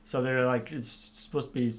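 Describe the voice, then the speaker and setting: A man's voice: mid-range voice, fairly even intonation, moderate pace. A man co-hosting a stream aftershow, explaining a story in casual chat with frequent "uh" fillers. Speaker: stream co-host.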